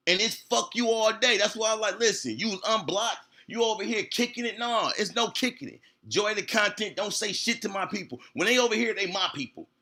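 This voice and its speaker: A man's voice: sits high, vocal fry, sharp tone. A man, ranting on a livestream in a profane, confrontational way, repeating himself often. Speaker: streamer. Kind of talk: heated livestream rant.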